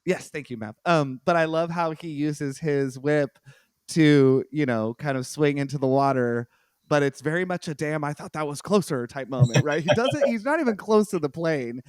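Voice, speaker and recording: A man's voice: fairly high pitch, moderate pace, smooth, no echo. A man in casual film podcast chat, enthusiastic and apologetic, correcting himself as he talks. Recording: dry close mic.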